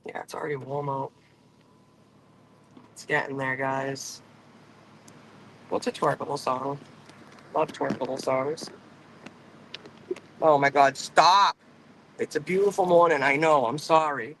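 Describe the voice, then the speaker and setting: A man's voice: medium pitch, steady tone, a little slow, long pauses, fairly bright tone, slight background noise, rough recording. A man chatting casually to his stream viewers from his car on a phone. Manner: chatty, rambling, swears. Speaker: livestream host. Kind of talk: casual chat while driving.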